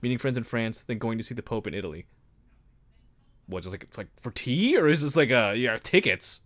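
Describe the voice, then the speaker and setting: A man's voice: medium pitch, lively intonation, a little fast, a bit bright. A man hosting a casual livestream while building a model kit. He rambles, mocks himself and laughs often.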